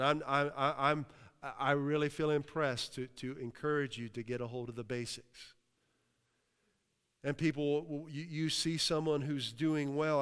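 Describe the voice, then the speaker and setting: A Western Pennsylvania pastor preaches in a smooth, slightly bright, medium-pitched voice. He breaks in with cries of hallelujah and checks in with the congregation, and a long hall reverb trails his words.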